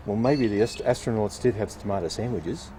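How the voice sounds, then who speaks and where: A man's voice: fairly low pitch, brisk, dark tone, slight background noise. A man, a nurseryman explaining patiently and cheerfully how to dig a garden bed and plant tomatoes. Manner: patient, upbeat explaining while digging and planting.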